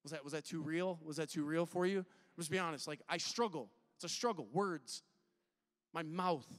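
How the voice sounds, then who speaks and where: A man preaching a sermon in a candid, conversational style, with sudden swings between loud and soft. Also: a little high, normal speed, in a large hall. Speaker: pastor. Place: church auditorium.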